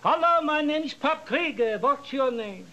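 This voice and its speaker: A man's voice: very high voice, lively intonation, moderate pace, bright, forceful tone, heavily acted, low-quality recording. An old Yiddish-accented showman magician. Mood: teasing showman. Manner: coaxing, teasing patter with the audience volunteer. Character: elderly male New York magician, heavy Yiddish accent, chummy showman.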